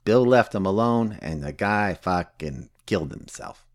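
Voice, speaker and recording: Brief: a man playing a blunt, cussing recovery sponsor, very low voice, dry close sound, sardonic teaching. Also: expressive, a little slow, dry recording. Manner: blunt, swears constantly, sardonic. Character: blunt, foul-mouthed woman sober AA sponsor. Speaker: recovery step instructor. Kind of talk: casual profane teaching.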